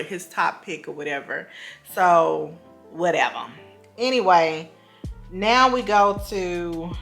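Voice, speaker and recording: A woman's voice: fairly low pitch, a bit bright. Chatty woman gossiping over a recap. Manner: chatty, gossipy, full of fillers and asides. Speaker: show recap vlogger. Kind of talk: casual reality-show recap.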